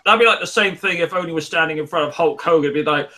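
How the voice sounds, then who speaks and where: A man's voice: a little high, quick pace, pushed and bright. A man hosting a casual gaming talk show, giving blunt, grumbling opinions. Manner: blunt, grumbling opinions with mock-quoted reactions. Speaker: show host.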